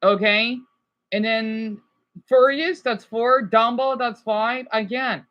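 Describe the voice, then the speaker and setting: A man's voice: extremely high pitch, steady tone, slow, dull audio, a little hiss or hum. A man chatting casually on a livestream from home, rambling between topics and swearing now and then.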